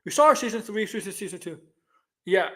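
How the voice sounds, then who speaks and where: A man's voice: high-pitched, lively intonation, moderate pace, bright, forceful tone. A middle-aged man co-hosting a movie news show in casual chat, rambling and repeating himself with many restarts.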